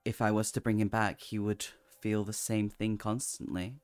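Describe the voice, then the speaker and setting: A man voicing a calm, ancient female goddess of life who speaks in a measured, thoughtful way. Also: on the low side, clear, resonant tone, no room sound, faint music behind, lightly acted. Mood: regretful.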